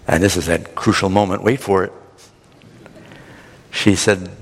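A male pastor delivers a sermon, retelling a story with a lively, swooping voice and dramatic flair. His voice rings with a long reverb, as in a large hall. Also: on the high side, moderate pace.

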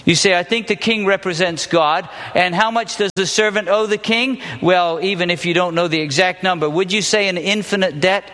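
A man's voice: high voice, normal speed, few pauses, pushed and bright, long reverb tail. A man teaching a Bible story as a sermon, asking the listeners questions and then answering them himself. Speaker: preacher teaching a Bible passage.

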